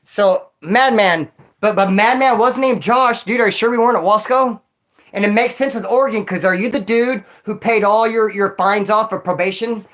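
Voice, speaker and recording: Man streamer, relaxed slangy storyteller, addresses a viewer on stream. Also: high-pitched, moderate pace. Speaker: former prisoner streamer reading chat. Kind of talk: casual livestream chat and storytelling.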